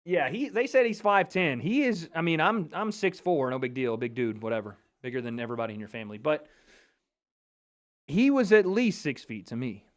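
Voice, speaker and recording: A man's voice: a little high, big pitch swings, fairly quick. A man hosting a casual livestream watch party, joking and swearing as he chats into a dynamic mic. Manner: joking, profane, chatty. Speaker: livestream host. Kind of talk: casual live commentary.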